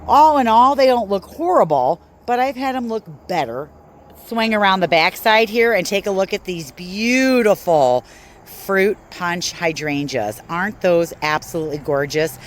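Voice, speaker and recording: A woman's voice: medium pitch, expressive, unhurried. A woman from Northern Illinois giving a casual, enthusiastic walking tour of her garden outdoors, chatting to viewers as she goes. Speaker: garden vlogger.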